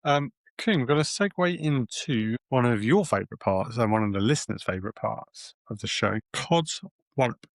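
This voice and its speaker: Easygoing podcast co-host. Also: male voice, medium pitch, animated, moderate pace, creaky, no echo. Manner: easygoing, chatty, many fillers. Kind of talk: casual chat.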